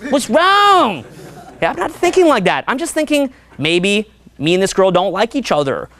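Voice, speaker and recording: Profane, energetic man lecturing a crowd. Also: high voice, brisk. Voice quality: profane, energetic, chatty, keeps checking in with the crowd. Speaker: dating coach at a seminar. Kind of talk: live seminar talk to an audience.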